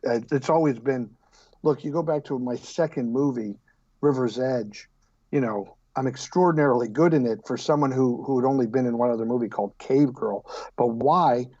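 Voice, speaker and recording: A man in his fifties chats as a podcast guest. His voice sits in a middle pitch and he tells stories with lively, joking energy, often restarting his sentences. The audio is somewhat dull and muffled. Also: slightly rough. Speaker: actor guest. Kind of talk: casual podcast interview.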